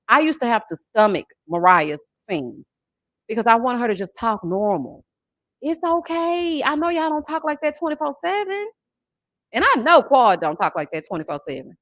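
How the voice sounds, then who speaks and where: Sassy animated woman in her forties. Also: on the high side, moderate pace, no echo, clean studio sound. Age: 40s. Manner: sassy, animated, calls viewers honey and child. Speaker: YouTube reality-TV reviewer. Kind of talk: casual livestream chat reading super chats.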